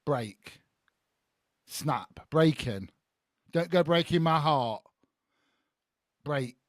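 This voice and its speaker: A man's voice: on the high side, lively intonation, extremely slow. A man hosting a podcast, guessing words in a party game, laughing and thinking aloud. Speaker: podcast host. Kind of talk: playing a guessing game with guests.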